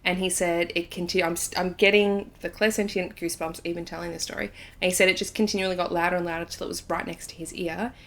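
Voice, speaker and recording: Low-voiced woman telling a story. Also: a bit bright. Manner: storytelling, chatty, many fillers. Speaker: podcast host. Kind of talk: casual chat.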